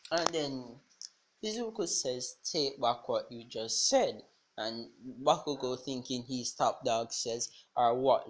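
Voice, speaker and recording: A man's voice: medium pitch, slight background noise. A man improvising a fan-fiction story aloud, rambling with many restarts and fillers.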